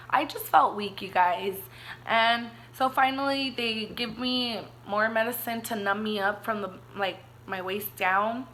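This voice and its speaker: A woman's voice: fairly high pitch, steady tone, moderate pace, sharp tone. A young woman vlogger telling a personal story in a chatty, emotional way, often saying "like" and getting teary. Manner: chatty, emotional, heavy use of "like".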